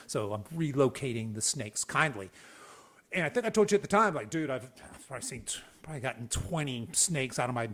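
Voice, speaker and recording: A podcast host in his fifties from the Southeastern US tells a story in a folksy, animated, casual way, with many restarts and laughs. His voice is medium-pitched with a breathy edge.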